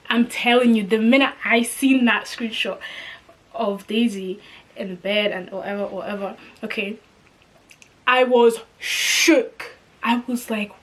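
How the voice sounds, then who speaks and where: Young woman, slangy storytime vlog, lively retelling, fairly high voice. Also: moderate pace. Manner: animated, slangy, acts out dialogue. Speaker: vlogger.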